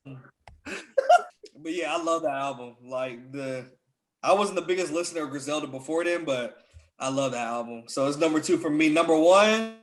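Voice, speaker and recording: A young man in easy podcast banter, talking loosely with lots of "like" and "dog". His voice sits a little high for a man, and he sounds keen on what he is saying. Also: big pitch swings, normal speed. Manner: loose, filler-heavy, enthusiastic about music. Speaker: podcast co-host. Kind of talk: casual chat.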